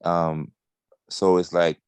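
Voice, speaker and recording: A man with a very low voice talks hesitantly on a casual football podcast, with lots of ums. The sound is dry and close to the mic. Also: little pitch movement, slow, a little mellow, clear, resonant tone, no room sound. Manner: hesitant, many ums and restarts. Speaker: podcast panelist.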